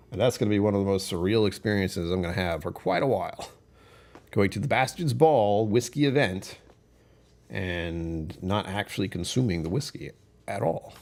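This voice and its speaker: A man's voice: low-pitched, darkish tone. A man hosting a casual livestream, talking in a rambling, self-deprecating way and laughing often. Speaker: whiskey channel host.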